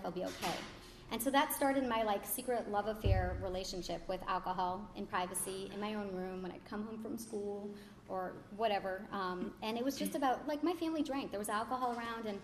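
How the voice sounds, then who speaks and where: A woman's voice: medium pitch, slight background noise. Candid woman in an echoey room. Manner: candid, many fillers and restarts. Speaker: guest telling her story. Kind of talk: casual personal storytelling. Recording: roomy echo with faint ambience.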